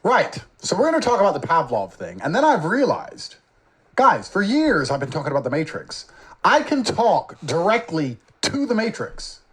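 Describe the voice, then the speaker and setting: Husky, theatrical man telling a story. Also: huge pitch swings, normal speed. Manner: mocking, theatrical, swings in pitch. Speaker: interview guest. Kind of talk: animated storytelling.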